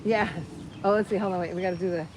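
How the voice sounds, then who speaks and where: Hosting a live crafting stream, a woman keeps up a cheerful, rambling patter with viewers as she works, often repeating herself. Her voice is medium-pitched and steady, her pace quick, and background noise can be heard.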